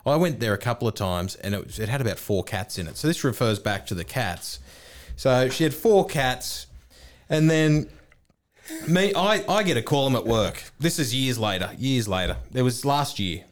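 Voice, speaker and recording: A male podcast co-host tells a rambling anecdote in casual chat, laughing and swearing along the way. His mid-range voice is expressive and moves at a normal speed.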